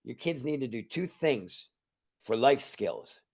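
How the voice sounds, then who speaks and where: Casting note: gravelly man at middle pitch, a judo instructor, rambling and repetitive, chatting casually on a podcast. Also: expressive, takes it slowly, darkish tone. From Cleveland, Ohio area. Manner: rambling, repeats words, acts out conversations. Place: remote call.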